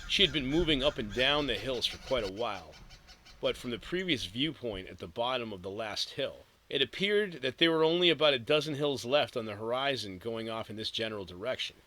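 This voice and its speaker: Bright-voiced male audiobook narrator. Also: mid-range voice, animated, fairly quick, slight background noise, rough recording.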